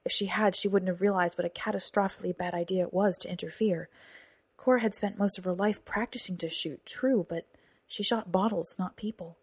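A woman reads a novel aloud in a breathy, husky voice at a middling pitch. The sound is close and dry, with no room around it. She drops to a whisper or rises to a shout for the characters' lines. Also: steady tone, brisk, dry recording. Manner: acts out dialogue with whispers and raised voices. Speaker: audiobook narrator. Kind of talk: scripted narration.

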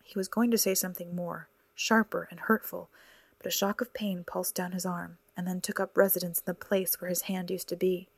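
A woman narrating an audiobook in a soft, hushed, partly whispered delivery. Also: fairly low pitch, little pitch movement, fairly quick, gravelly, slightly rough, no echo.

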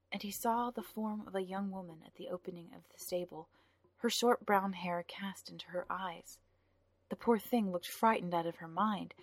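Woman, audiobook narrator, soft measured delivery, dry close sound. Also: fairly low pitch, dry recording.

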